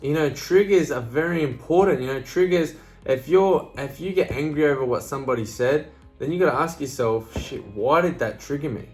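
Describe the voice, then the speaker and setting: A man's voice: a little high, fairly quick, a little mellow, soft background music. A man giving a casual motivational talk to camera, blunt and plain-spoken, swearing freely and often checking in with "right?" and "you know". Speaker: motivational speaker.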